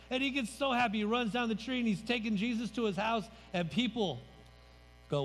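A man's voice: very high-pitched, fairly quick. A man pastor preaching a sermon in a church sanctuary, conversational and emphatic, letting his voice drop at the ends of phrases. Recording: reverberant hall, faint music.

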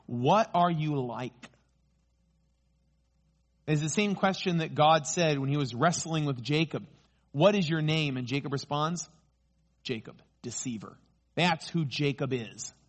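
A man preaching a sermon, emphatic, slowing down on key phrases and rising when excited. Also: a little high. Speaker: pastor.

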